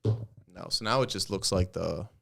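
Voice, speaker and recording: Gravelly young man joking around. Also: low voice, measured pace, fairly bright tone, no room sound. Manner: joking, offhand, sweary. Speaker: podcast co-host. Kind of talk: casual chat.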